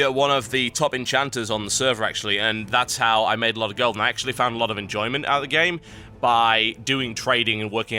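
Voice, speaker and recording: A man's voice: fairly low pitch, pushed and bright. A man hosting a gaming news show, commenting on reader submissions in an emphatic, ranting way.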